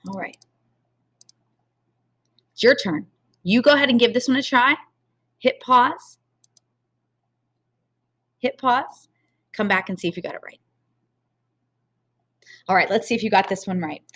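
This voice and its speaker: A woman's voice: mid-range voice, fairly bright tone, slightly rough. A woman teacher giving a recorded math lesson to children, patient and encouraging, talking straight to her students.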